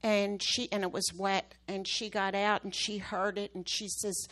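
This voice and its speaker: A woman's voice: mid-range voice, flat delivery, unhurried, few pauses, fairly bright tone. A woman preaching to her church, telling a story with emphatic, rising bursts at the key moments. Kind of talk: sermon testimony.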